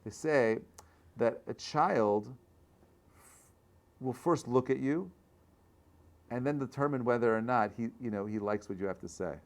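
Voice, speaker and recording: Animated rabbi man teaching a class. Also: medium pitch, measured pace, pauses often. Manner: conversational, checks in with frequent "right?"; animated, builds to loud bursts. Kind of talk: informal Torah class talk.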